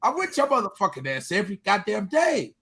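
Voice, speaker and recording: A man's voice: fairly high pitch, animated, moderate pace, a bit bright. A man talking in a loose group chat, emphatic and profane, who keeps checking in with "you hear me?".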